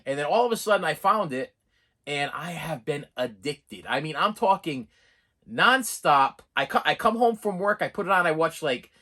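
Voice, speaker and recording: Man, Boston accent, lively up-and-down delivery, rambling collector vlogger. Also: a little high, normal speed. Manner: rambling, excitable, talks straight to viewers. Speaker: physical media collector unboxing. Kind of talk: casual unboxing vlog.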